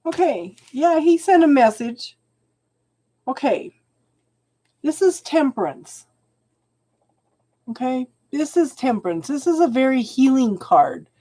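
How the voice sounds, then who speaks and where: Slow-talking woman doing live tarot readings. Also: high voice, lively intonation. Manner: chatty, warm-hearted, calls viewers hon. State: tearful, emotional. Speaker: tarot reader.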